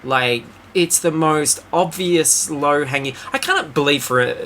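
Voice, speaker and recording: A man with an Australian accent, co-hosting a casual podcast chat, ranting and swearing with quick asides. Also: fairly high pitch, pushed and bright, slight background noise. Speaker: podcast co-host.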